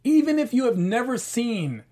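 Man, panel guest, casual chat, enthusiastic, slangy, high-pitched. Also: sing-song, normal speed, mellow. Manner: enthusiastic, drops slang, long run-on thoughts.

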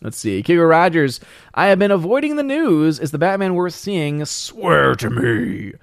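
A man's voice: high-pitched, big pitch swings, moderate pace, clear, resonant tone, no room sound, clean studio sound. Rambling man reading chat on a livestream. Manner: rambling, self-interrupting, reads viewer comments aloud.

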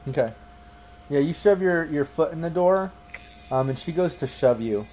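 A man's voice: fairly high pitch, animated, normal speed, dark tone, a little hiss or hum, poor audio. Hesitant man running a tabletop game. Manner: hesitant, many fillers. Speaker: game master.

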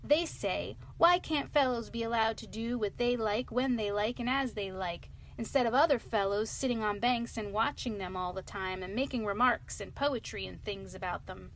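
A woman voicing a cheerful, good-natured male water rat in a storybook reading, with a brisk, lively manner. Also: mid-range voice, a little hiss or hum, lightly acted.

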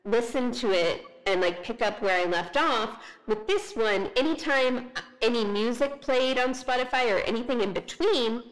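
A woman's voice: on the high side, normal speed, hardly any pauses, low-quality recording. A woman co-hosting a podcast in casual chat, talking with many "like" fillers and reading an author biography aloud. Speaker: podcast co-host.

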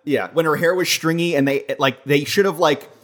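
A man's voice: fairly high pitch, moderate pace, a bit bright. A man co-hosting a podcast, chatting about wrestling in a loose, rambling way with lots of filler words. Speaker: podcast co-host. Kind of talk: casual wrestling chat.

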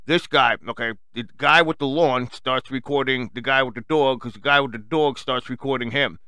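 A man rants furiously into the mic as host of his own radio show, cursing constantly and mocking the people he talks about. His voice is bright and forceful. The sound is dry and close. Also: mid-range voice, normal speed, no room sound. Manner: angry, swearing, mocking quoted people. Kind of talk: profane rant.

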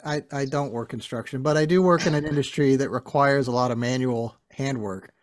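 A rambling male podcast host with a voice of ordinary pitch who laughs at his own jokes. The recording is dry and close, with no room echo. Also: brisk. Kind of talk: casual podcast chat.

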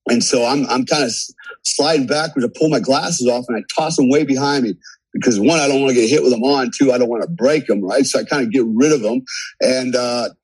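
A man on a podcast as a guest, telling a story in a casual, animated way, swearing freely and laughing as he goes. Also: medium pitch, fairly quick, slightly rough, no room sound, low-quality recording. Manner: animated, profane, laughs through his story.

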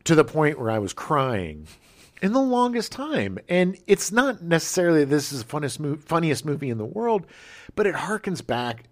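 A man's voice: fairly high pitch, big pitch swings, moderate pace. A man in his forties co-hosting a podcast, chatting casually and enthusiastically about a movie, rambling with restarts. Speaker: podcast co-host. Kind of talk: casual movie review chat.

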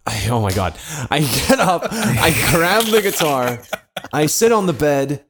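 Animated profane man telling a story. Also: a little high, a little slow, background noise. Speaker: podcast co-host. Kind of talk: casual storytelling.

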